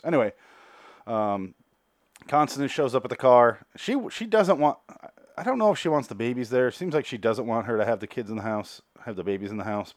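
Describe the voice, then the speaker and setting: A man's voice: mid-range voice, no echo, studio quality. A man giving a casual, rambling, sarcastic TV episode recap and swearing freely. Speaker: TV recap host.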